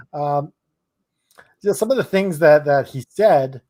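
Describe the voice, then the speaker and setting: Male co-host, slightly raised pitch, casual and fumbling. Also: a little mellow. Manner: chatty, hesitant, quick to laugh. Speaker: podcast co-host. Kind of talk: casual podcast chat.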